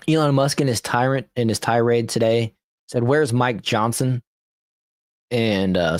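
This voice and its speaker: A low-voiced man hosts a podcast in a loose, chatty way, reading posts aloud and often laughing at them. He trips over words and starts lines over, with a dry, close sound and little room around him. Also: darkish tone, no echo. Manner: laughs often, restarts and corrects his reading. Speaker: podcast host. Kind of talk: casual political commentary, reading posts aloud.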